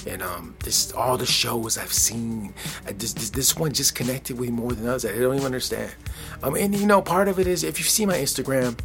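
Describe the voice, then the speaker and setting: A man's voice: medium pitch, lively intonation, brisk, a bit bright, faint music behind. Tired, rambling man podcasting at bedtime. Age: 40s. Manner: rambling, earnest, repeats words often. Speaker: podcast host. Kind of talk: casual solo podcast talk. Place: at home, relaxed. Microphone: podcast microphone.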